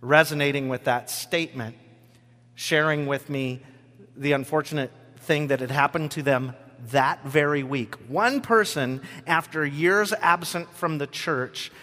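A man's voice: a little high, measured pace, bright, forceful tone, big-room sound. A man preaching a podcast sermon in a loose, conversational way, with frequent fillers, reading scripture aloud between comments. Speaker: pastor.

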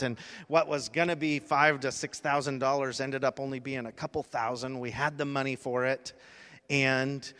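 A man's voice: medium pitch, fairly bright tone. A male pastor giving a sermon, telling an emotional personal story and rising to emphatic peaks. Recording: long reverb of a church hall.

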